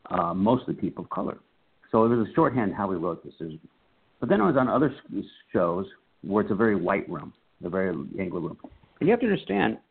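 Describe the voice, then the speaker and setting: Husky-voiced man telling stories over a phone line. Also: fairly low pitch. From United States. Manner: animated storyteller acting out quotes. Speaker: guest, comedian and writer. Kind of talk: casual interview storytelling.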